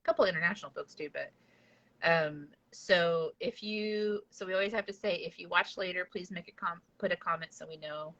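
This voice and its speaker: A woman's voice: on the low side, moderate pace, a bit bright. A woman hosting a casual podcast chat, rambling and giggly with lots of fillers. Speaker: podcast host. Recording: dull lo-fi sound.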